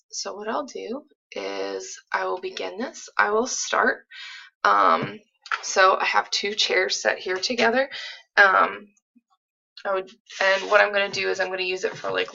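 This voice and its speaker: A woman's voice: mid-range voice, creaky, bright, forceful tone. A woman explaining and demonstrating a therapy technique in a small apartment, speaking hesitantly with many fillers. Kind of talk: instructional explanation with role-play. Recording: distant, dull lo-fi recording.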